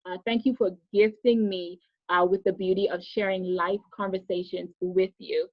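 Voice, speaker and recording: A woman in her thirties, an author chatting live on a video call, excitable and quick to laugh. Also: mid-range voice, no echo, lo-fi sound. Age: 30s. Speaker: author and birthday guest. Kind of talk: casual live video chat.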